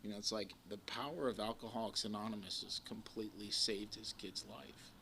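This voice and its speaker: A man's voice: fairly low pitch, steady tone, fairly quick, vocal fry, sharp tone, a little hiss or hum. A man in his forties speaking at a recovery meeting, telling his story bluntly with plenty of swearing and a rambling flow. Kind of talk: personal recovery share to a live audience. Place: community center meeting room. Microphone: live recording of a talk to an audience.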